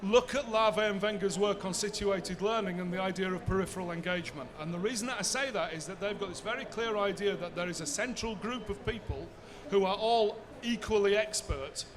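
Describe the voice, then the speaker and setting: A man's voice: high-pitched, brisk, few pauses, crowd noise. A man, giving a conversational conference talk and answering his own rhetorical questions. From Bradford, England. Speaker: seminar speaker.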